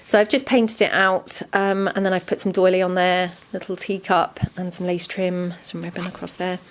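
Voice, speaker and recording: Chatty woman, low voice. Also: normal speed. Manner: chatty, relaxed, frequent ums. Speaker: crafter showing a handmade junk journal. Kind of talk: casual show-and-tell narration.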